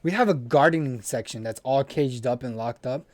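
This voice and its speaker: A man's voice: mid-range voice, moderate pace, a little mellow, no room sound. A young man co-hosting a podcast, chatting casually and venting about his job with lots of swearing. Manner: profane, blunt, venting. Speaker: podcast co-host. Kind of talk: casual chat.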